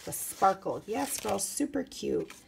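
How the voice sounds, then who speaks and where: Gushing craft vlogger woman, gravelly voice. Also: medium pitch, very animated, a little slow, background noise. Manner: gushing, chatty, lots of "so cute" and "you guys". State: voice getting hoarse. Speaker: craft vlogger opening mail. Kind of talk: casual unboxing chat.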